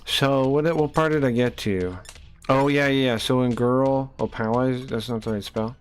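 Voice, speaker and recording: A man's voice: medium pitch, normal speed, faint music behind. Rambling profane male game streamer. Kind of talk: casual live-stream chat while playing.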